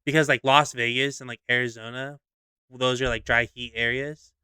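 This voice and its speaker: A young podcast co-host chats casually, lively and quick to put on voices when retelling a skit. His mid-range voice is bright and crisp, recorded dry and close with no room sound.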